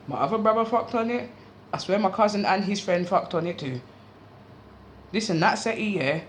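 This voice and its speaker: A woman's voice: mid-range voice, a little hiss or hum. Slangy woman telling a story. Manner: animated, slangy, swears freely. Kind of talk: casual story time.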